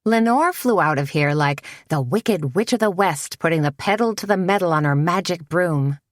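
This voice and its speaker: A woman's voice: lowish voice, animated, moderate pace, no room sound, studio quality, natural voice. Woman reading as a sassy café partner who drawls and gossips.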